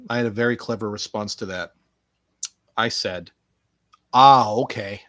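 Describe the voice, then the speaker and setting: A man hosting a casual podcast alone, rambling and joking, swearing freely and swinging from mumbled asides to loud outbursts. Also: fairly low pitch, fairly even intonation, moderate pace, no room sound, clean studio sound. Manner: joking, swearing, jumps between quiet asides and loud bursts. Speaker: podcast host.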